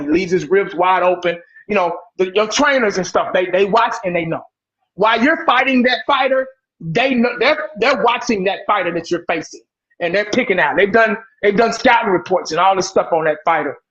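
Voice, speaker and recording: Man, sports talk panelist, rambling, impassioned, profane, high voice, dull lo-fi call audio. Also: fairly quick, fairly bright tone.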